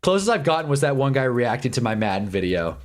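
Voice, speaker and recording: Rambling young livestream host. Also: male voice, mid-range voice, big pitch swings. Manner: rambling, candid, swears and repeats himself; puts on quick voices for quoted people. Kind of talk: casual chat during a sports watch-along.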